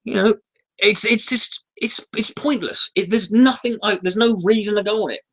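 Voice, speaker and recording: A man's voice: high-pitched, fairly even intonation, moderate pace, fairly bright tone. A man ranting at his chat in a casual, profane livestream, irritable and sighing, breaking off and restarting his sentences. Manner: irritable, sweary, restarts often, sighs. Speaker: YouTuber ranting on a live stream.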